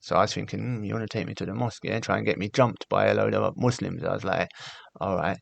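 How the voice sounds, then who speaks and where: A man tells his story as a podcast guest in a low, gravelly voice. He speaks frankly and animates the people he quotes. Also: fast talker. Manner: candid, animated when recounting, acts out quoted voices. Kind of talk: casual storytelling.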